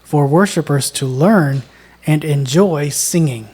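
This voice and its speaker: A woman co-hosting a songwriting lesson, explaining in a measured, deliberate way. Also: low voice, mellow, breathy edge. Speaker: songwriting co-host. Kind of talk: instructional conversation.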